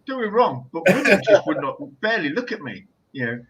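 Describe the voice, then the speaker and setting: A man's voice: high voice, sing-song, quick pace, a bit bright, husky. A man with an English accent in casual chat, chatty and laughing as he talks, with dry remarks.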